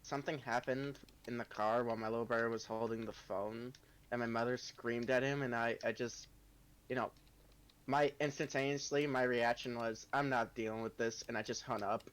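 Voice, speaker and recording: A man's voice: mid-range voice, fairly even intonation, moderate pace, a bit bright, smooth. A young man co-hosting a podcast while gaming, laid-back, making short remarks and laughing. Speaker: podcast co-host. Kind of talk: casual chat while gaming.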